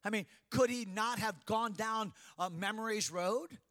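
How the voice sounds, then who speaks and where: A man delivers a sermon in a very high voice, pressing his points with rising emphasis. His tone is bright and forceful. He steps into quoted lines with dramatic flair. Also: measured pace. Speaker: pastor.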